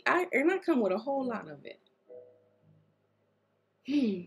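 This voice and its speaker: Woman devotional host, higher voice, passionate repetitive exhortation with a chatty edge, music bed underneath. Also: very animated, measured pace, creaky, pauses often, breathy edge. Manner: chatty and self-deprecating between points. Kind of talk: devotional sermon and casual chat.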